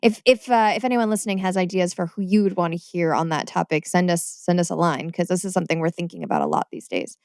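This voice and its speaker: A woman's voice: on the low side, lively intonation, fast talker, hardly any pauses, darkish tone, clear, resonant tone, dry recording, studio quality. A woman co-hosting a podcast, talking in a chatty way and laughing easily. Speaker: podcast co-host. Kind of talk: casual podcast chat.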